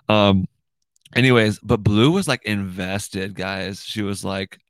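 Speaking slowly in a fairly low voice with fairly even intonation, a young man rambles through a casual monologue on his home-hosted show, swearing a lot and capping sentences with "dude" and "right?" He's in a room in his house, and the recording is dry.

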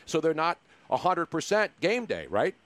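A man's voice: fairly high pitch, wildly swooping pitch, moderate pace. A man hosting a podcast, asking chatty, rambling questions in a casual interview. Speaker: podcast host.

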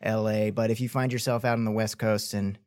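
A man playing a rough, sentimental street runner. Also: lowish voice, level tone, fairly quick, darkish tone, natural voice. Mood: casual. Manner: loose, crude banter with restarts. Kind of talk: tabletop role-play.

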